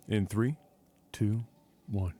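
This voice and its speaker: A man's voice: fairly low pitch, lively intonation, drawn-out words, darkish tone, slightly rough, no room sound. A man co-hosting an esports podcast, casting a match in casual, teasing banter. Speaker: co-host and game caster.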